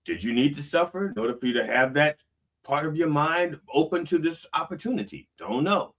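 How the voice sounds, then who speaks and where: A man's voice: a little high, brisk, a bit bright, far from the mic. A man preaching a casual sermon, reading song lyrics aloud and explaining them with frequent "okay?" checks. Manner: conversational, reads lyrics aloud then unpacks them. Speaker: pastor.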